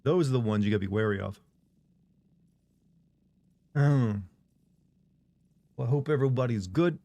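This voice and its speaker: A man's voice: mid-range voice, moderate pace, creaky, mellow, no room sound. A man streaming a game, chatting casually and rambling as he reads and answers chat messages.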